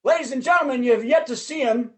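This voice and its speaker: A man's voice: very high-pitched, fast, a bit bright. A man hosting a virtual comedy show over a video call, joking and laughing as he introduces the acts. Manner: jokey, laughing between lines. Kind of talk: casual emcee patter.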